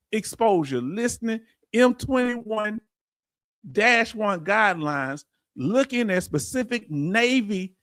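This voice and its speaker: High-voiced Southern man, folksy livestream host. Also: dry recording, studio quality. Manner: folksy, preacher-like, animated. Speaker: veterans benefits channel host. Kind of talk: livestream reading viewer comments.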